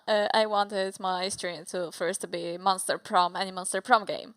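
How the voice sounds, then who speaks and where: A woman's voice: medium pitch, steady tone, slow pace, smooth, dry recording. A young woman, a native Polish speaker with a Polish accent, chatting casually on a livestream, giggly and bubbly with playful swearing. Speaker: streamer.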